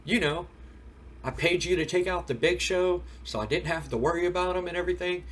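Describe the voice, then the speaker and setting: A man's voice: high-pitched, brisk, fairly bright tone, pitched above the performer's own voice. A man voicing a pushy, scheming male wrestler who haggles and pleads with hired muscle for a discount. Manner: wheedling, pleading.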